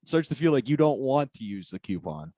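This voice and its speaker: A man's voice: medium pitch, big pitch swings, fairly quick, dark tone, dry recording, clean studio sound. A man co-hosting a casual comedy podcast, riffing with sarcastic jokes. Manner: joking, sarcastic riffs.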